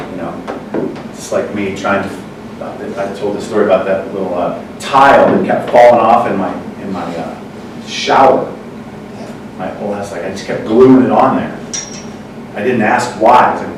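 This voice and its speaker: A man's voice: medium pitch, moderate pace. A man giving an informal teaching talk to a group, repeating words and asking the listeners questions. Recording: roomy echo, far from mic, noisy.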